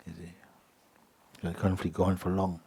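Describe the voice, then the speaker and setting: A middle-aged man teaching as a spiritual teacher at a satsang, speaking gently and unhurriedly, often checking in with "you see?" and sometimes sinking to a soft whisper. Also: low voice, completely flat delivery, a little slow, breathy edge. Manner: drops to a soft whisper at times. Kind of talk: satsang talk answering a letter.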